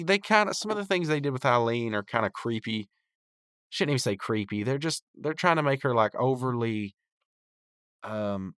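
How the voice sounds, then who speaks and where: A man's voice: mid-range voice, a bit bright, no room sound, clean studio sound. A man hosting a podcast, recapping and reviewing a cartoon episode in a loose, rambling way with lots of fillers.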